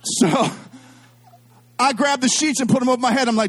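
This middle-aged pastor has a very high-pitched voice and speaks at normal speed. His storytelling sermon swings from hushed quiet to loud excitement.

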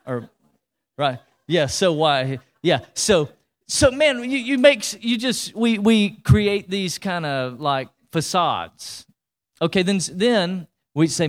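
A man preaching with a drawl and a slightly raised pitch. He speaks conversationally, often repeating himself and checking in with the congregation. His delivery is animated, like a pastor in full swing. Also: slow. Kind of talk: sermon.

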